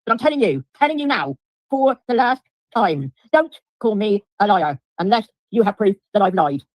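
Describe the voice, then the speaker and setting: A woman's voice: medium pitch, expressive, normal speed, a little mellow, dry recording. A middle-aged woman, ranting angrily on a livestream, swearing constantly and repeating herself while answering viewers. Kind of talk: angry livestream rant to viewers.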